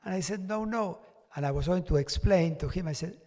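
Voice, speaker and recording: Guy telling a lively story to a crowd, a bit high, lots of hall reverb. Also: fast talker. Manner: animated storytelling with chuckles and acted-out quotes. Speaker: devotee giving a testimony. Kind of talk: personal storytelling talk to an audience. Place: large devotional hall.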